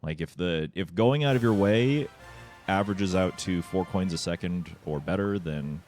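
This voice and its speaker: A man commenting casually on his own speedrun, relaxed and joking as he talks to chat. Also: deep voice, moderate pace. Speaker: speedrunner streamer. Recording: faint game music behind.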